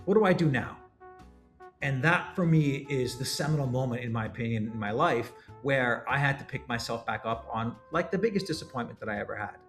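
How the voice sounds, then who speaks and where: A middle-aged man from Canada telling his story as a startup founder in an interview, animated and often restarting his words. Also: medium pitch, a little fast, hardly any pauses, faint music behind.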